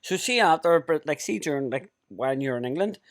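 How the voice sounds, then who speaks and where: A man's voice: a little high, animated, a little fast. A man as podcast co-host, asking curious questions. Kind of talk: casual chat.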